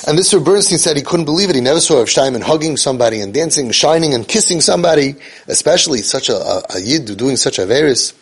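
A man's voice: on the high side, animated, fast talker, few pauses, breathy edge. A man giving an inspirational speech, telling a story emphatically and repeating key phrases for effect. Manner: sprinkles Hebrew and Yiddish terms. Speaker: speaker on parenting and faith.

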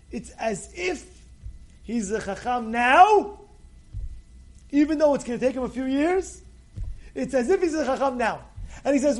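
Very high-voiced man giving a lively sermon. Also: husky. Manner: lively storyteller, repeats words, acts out quotes. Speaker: rabbi. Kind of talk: storytelling Torah talk.

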